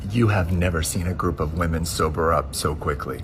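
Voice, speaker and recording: A man's voice: deep voice, normal speed, slight background noise. A man telling a stand-up story in a conversational, building manner.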